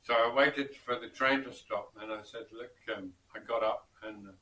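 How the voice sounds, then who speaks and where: A man telling a true story from his own past in a casual, rambling way, pausing often and correcting himself. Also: mid-range voice, steady tone, pushed and bright, echoey room, far from the mic, rough recording. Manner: slow and rambling, with pauses and self-corrections.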